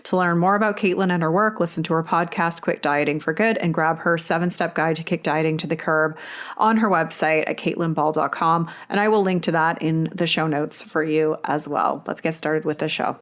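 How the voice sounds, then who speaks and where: A woman's voice: low-pitched, fairly even intonation, fairly quick. A woman hosting a podcast and chatting casually, with lots of filler words. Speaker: podcast host.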